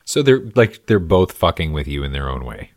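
A man's voice: very deep voice, sing-song, moderate pace, no echo, clean studio sound. A man co-hosting a podcast, reacting in casual conversation and swearing freely.

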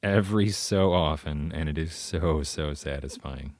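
A man's voice: rumbling low, measured pace, darkish tone, no room sound. A man making wry, dry remarks in casual podcast chat. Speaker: podcast co-host.

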